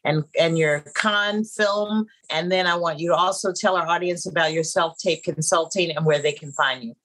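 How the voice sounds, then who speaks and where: A woman's voice: fairly low pitch, moderate pace, fairly bright tone, rough recording. A woman hosting an interview show, effusive and emphatic as she praises and introduces her guest. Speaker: host.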